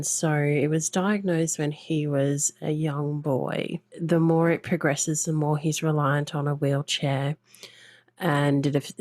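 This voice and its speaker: Host: a woman with a low voice, slow and reflective, gentle in conversation. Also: no room sound. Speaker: podcast host. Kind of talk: interview conversation.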